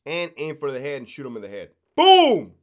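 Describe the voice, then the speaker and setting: A man's voice: medium pitch, lively intonation, quick pace. Man, former corrections officer, mid-range voice, blunt and profane, keeps tagging "right?". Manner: blunt and profane, explaining rules with lots of swearing. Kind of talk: casual podcast chat.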